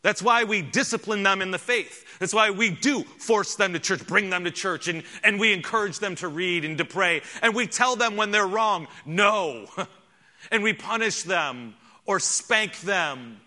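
A man's voice: sits high, normal speed, sharp tone. A middle-aged man preaching a sermon in church as pastor, emphatic, with rhetorical questions and repeated words.

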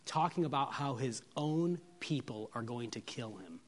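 A man preaching an expository sermon. He asks his listeners rhetorical questions and moves from soft, low lines to raised, emphatic ones. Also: expressive, normal speed, few pauses. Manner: lingers on single words for weight.

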